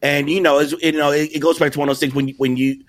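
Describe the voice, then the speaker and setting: A middle-aged man from the Chicago area, a podcast guest telling a story. He talks in a casual, animated way, acting out the people he quotes and often restarting his sentences. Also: on the high side, rapid-fire, no room sound. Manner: animated, acts out quoted voices, many restarts. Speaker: guest, content creator.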